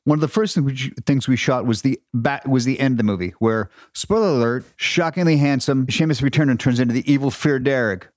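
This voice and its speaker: A man co-hosting a casual podcast, an actor telling animated, self-deprecating stories about a film shoot. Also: medium pitch, brisk, few pauses, no room sound.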